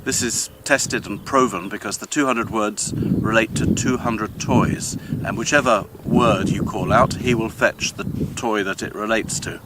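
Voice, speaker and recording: An older man hosting a vlog, talking in a thoughtful, measured way with frequent pauses as he walks outdoors in the countryside. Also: on the low side, heavy background noise. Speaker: vlog host. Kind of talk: casual explanatory talk on a walk, with a poem reading.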